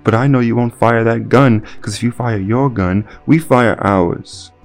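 A man's voice: medium pitch, unhurried, soft background music, lightly acted. A man reading a smug, condescending male crime boss who gives cold orders with a sadistic edge. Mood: menacing. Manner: sadistic chuckling, cold commands.

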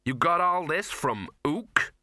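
A man voicing a sharp, skeptical young woman who talks briskly. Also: a little high, sing-song, dry recording, clean studio sound, pitched above the performer's own voice, exaggerated voice.

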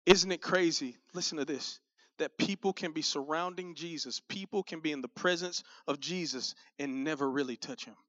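A man who is a pastor, preaching a sermon in an animated, conversational way. He speaks straight to the congregation and does comic voices for the people in his stories. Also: a little high, normal speed, no echo. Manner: conversational, addresses the congregation directly. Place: church sanctuary. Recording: dull, muffled sound with faint music.

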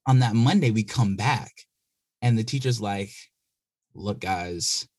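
A young man co-hosting a podcast, telling stories in slangy casual chat with quick bursts and laughing asides. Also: lowish voice, darkish tone, husky, dry recording. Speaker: podcast co-host.

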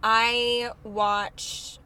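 A woman's voice: fairly high pitch, little pitch movement, drawn-out words, pushed and bright, slight background noise. A young woman co-hosting a casual podcast, bubbly and rambling, often laughing as she talks. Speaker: podcast co-host. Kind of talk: casual chat.

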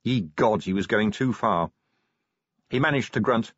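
Brief: a man narrating a fantasy audiobook, expressive and husky, dry close sound. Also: lowish voice, a little slow, long pauses, dry recording, lo-fi sound.

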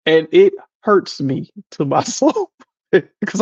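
A man in casual podcast chat, telling an animated story full of impressions and laughter. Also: a little high, slow, breathy edge, dry recording, lo-fi sound. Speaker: podcast co-host.

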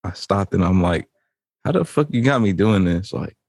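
Podcast co-host, male, low and gravelly, relaxed and profane, dry mic. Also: normal speed, no room sound. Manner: laid-back, profane, laughs often. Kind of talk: casual podcast banter.

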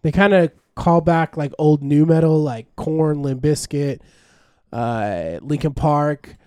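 Upbeat man with a mellow voice. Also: fairly high pitch, takes it slowly, smooth, no echo, clean studio sound. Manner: enthusiastic, rambling with fillers and restarts. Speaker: podcast co-host. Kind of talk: casual chat.

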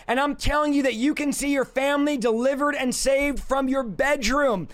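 Hoarse man, very high voice, fervent repetitive preaching on a live stream. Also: steady tone, normal speed, few pauses, fairly bright tone. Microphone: streaming setup reading live chat.

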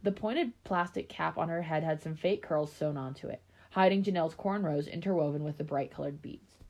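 A woman reading a story aloud in a relaxed way, breaking off now and then for chatty asides. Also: low voice, a little fast.

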